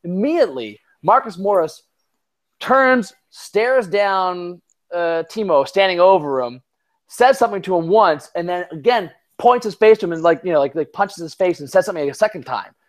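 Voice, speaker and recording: A man's voice: high-pitched, lively intonation, normal speed. A young man co-hosting a casual sports podcast, rambling and profane, with lots of fillers and restarts. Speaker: podcast co-host.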